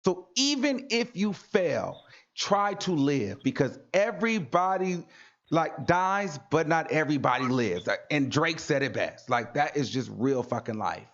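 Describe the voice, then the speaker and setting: A man's voice: on the high side, very animated, measured pace, a bit bright, highs cut off, slight background noise. A man hosting a livestream talk show, speaking in an earnest, preachy way and repeating lines for emphasis. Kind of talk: casual motivational livestream talk.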